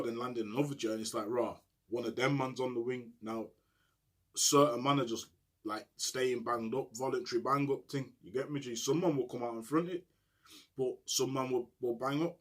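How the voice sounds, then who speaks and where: Middle-aged man, husky and mid-pitched, telling a story in street slang. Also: steady tone, a little fast, a bit bright. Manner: street slang, repeats "you get me, G". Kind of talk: casual storytelling monologue.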